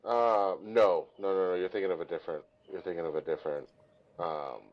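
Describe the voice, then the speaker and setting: A man co-hosting a podcast, chatting casually in an animated, rambling, self-deprecating way. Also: low voice, fairly quick, dull audio. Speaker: podcast co-host. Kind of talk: casual chat.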